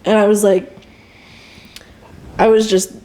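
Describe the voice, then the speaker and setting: Young woman guest, candid and emotional storyteller, frank, mid-pitched voice. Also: level tone, slow, mellow, a little hiss or hum. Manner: emotional, frank, quotes others in raised voice. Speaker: podcast guest.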